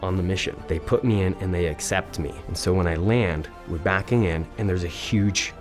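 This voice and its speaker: Young man, very low voice, animated storytelling, acts out dialogue, faint music underneath. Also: normal speed. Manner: excited retelling, acts out quoted dialogue, fillers like "like" and "man". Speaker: Air Force veteran telling his story.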